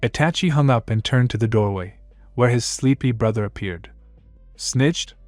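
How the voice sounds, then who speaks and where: A man reading a fan-fiction story aloud in a plain, steady narrating voice. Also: medium pitch, brisk, dry recording, faint music behind.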